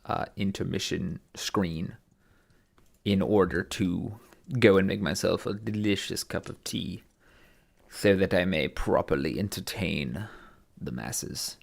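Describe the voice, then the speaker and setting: A man chatting casually on a livestream from home, halting with many fillers and a dry, formal humor. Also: deep voice, vocal fry. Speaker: streamer. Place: home room.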